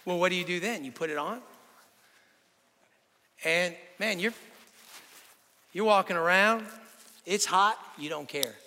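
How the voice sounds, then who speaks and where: A man's voice: high voice, unhurried, long pauses, long reverb tail. A man preaching a sermon, telling vivid stories and asking the crowd rhetorical questions. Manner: animated storytelling with rhetorical questions.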